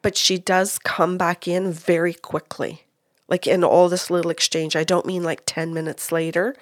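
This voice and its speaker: A woman's voice: lowish voice, level tone, normal speed, no room sound, clean studio sound. A woman recounting a reading she gave as a medium, retelling what people said in quotes, with many restarts. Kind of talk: casual storytelling.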